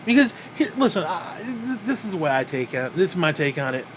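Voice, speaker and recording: A man's voice: fairly high pitch, big pitch swings, brisk, slight background noise. A man ranting in a wrestling review, profane and exasperated, with frequent sighs.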